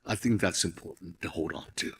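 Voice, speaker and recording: Brief: male storyteller from Hawaii, husky, reflective and rambling, reverb of a large hall. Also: low-pitched, a little fast, a bit bright. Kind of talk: storytelling talk on stage.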